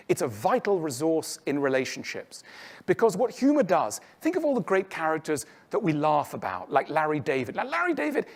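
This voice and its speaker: A man lecturing to an audience, his pitch rising and falling with lively swings. He explains his points earnestly. He often drops into quick impressions of other people. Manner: animated, acts out other people's voices. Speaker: public speaker.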